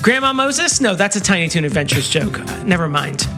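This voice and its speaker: A man co-hosting a podcast in casual chat, riffing quickly into playful bits and made-up scenarios. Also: sits high, sing-song, music in the background. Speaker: podcast co-host.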